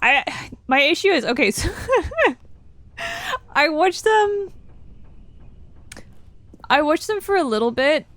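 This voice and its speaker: A woman's voice: high-pitched, sing-song, takes it slowly, long pauses, fairly bright tone, dry recording. A young woman live-streaming a game from her desk at home, chatting casually with lots of swearing and laughing asides.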